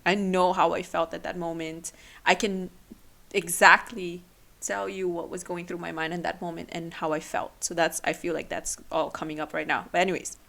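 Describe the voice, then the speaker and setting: Young woman, podcast host, tearful, halting speech, fairly low voice. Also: level tone, creaky, pushed and bright. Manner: emotional, halting, with restarts. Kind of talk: personal solo podcast.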